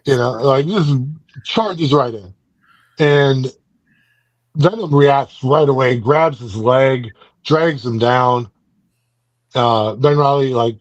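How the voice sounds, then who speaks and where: A man's voice: medium pitch, no room sound, dull audio. A man hosting a book club, casually recapping a comic book in a rambling way with lots of fillers. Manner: rambling, loose, many fillers.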